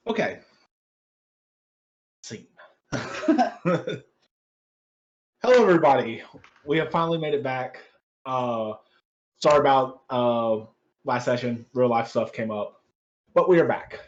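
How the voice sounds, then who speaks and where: An easygoing man acts as game master, with a mid-pitched voice and a quick laugh. His audio comes through slightly muffled, like an online call. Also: animated. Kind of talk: casual tabletop game hosting.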